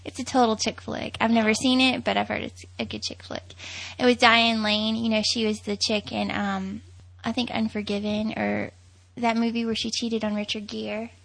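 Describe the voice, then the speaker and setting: A woman's voice: a little high, little pitch movement, normal speed, creaky, a bit bright, poor audio. A woman with a Southern US accent, co-hosting a podcast in casual chat, talkative and teasing. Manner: chatty, teasing, laughs often. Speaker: podcast co-host.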